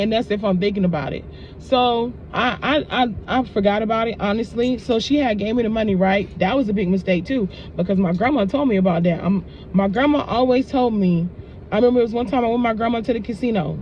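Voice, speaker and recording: A woman's voice: medium pitch, highs cut off, slight background noise. A woman vlogger telling a story in a chatty, rambling way, full of fillers, recorded on a phone propped up in a car. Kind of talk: casual storytelling. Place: inside a car.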